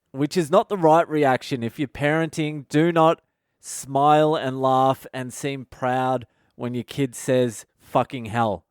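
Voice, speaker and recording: A male comedian hosting his podcast, telling a funny story in a casual, animated way and swearing constantly. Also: medium pitch, smooth, no room sound, studio quality. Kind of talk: casual comic storytelling monologue.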